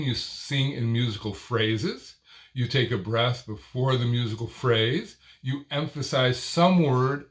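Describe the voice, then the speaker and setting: Slow, deliberate older man coaching. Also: medium pitch. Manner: speaks in short deliberate phrases, stressing a word near each phrase end; expressive, sing-song phrasing. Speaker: speaking coach. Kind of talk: instructional talk to camera.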